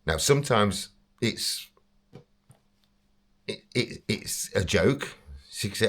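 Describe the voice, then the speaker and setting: English bloke rambling on about himself, lowish voice, bounces up and down a lot. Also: male voice, expressive, measured pace, pauses often, a bit bright. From England. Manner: chatty, rambling, self-deprecating, laughs often. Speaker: vlogger. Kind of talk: casual storytelling monologue.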